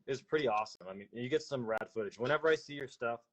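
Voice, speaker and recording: A man hosting a podcast in casual interview chat, friendly and relaxed, laughing easily. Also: mid-range voice, quick pace, poor audio. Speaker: podcast host.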